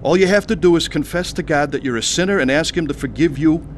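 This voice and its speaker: A man's voice: fairly high pitch, fast, slight background noise. Earnest man narrating his testimony. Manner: earnest, pleading. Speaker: narrator telling his own conversion story.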